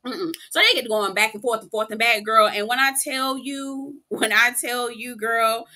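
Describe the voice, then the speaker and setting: A woman's voice: fairly high pitch, moderate pace, pushed and bright. A young woman giving a casual, profane, slangy recap of a reality show episode. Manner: sassy, profane, slangy storytelling. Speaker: TV recap reviewer.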